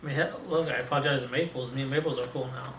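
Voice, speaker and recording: A man's voice: medium pitch, steady tone, fairly bright tone, distant mic. A man guesting on a casual chat, talking bluntly and colloquially. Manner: blunt, colloquial, quick to laugh. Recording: echoey room, off-mic, faint noise.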